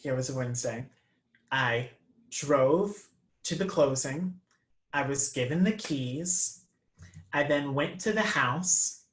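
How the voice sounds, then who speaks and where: Animated man telling a story in an echoey room. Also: medium pitch, slow pace, long pauses. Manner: lively anecdote teller, acts out quoted voices. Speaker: interview guest.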